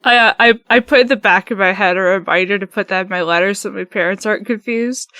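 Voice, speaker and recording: A woman playing a tabletop game, bubbly and quick to laugh. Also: mid-range voice, lively intonation, a bit bright, dry recording, clean studio sound. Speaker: player.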